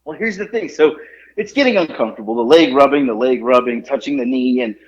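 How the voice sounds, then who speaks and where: A man telling a story on a podcast in casual chat, animated and rambling, with lots of fillers and laughs at his own tale. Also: medium pitch, a little fast, dull audio.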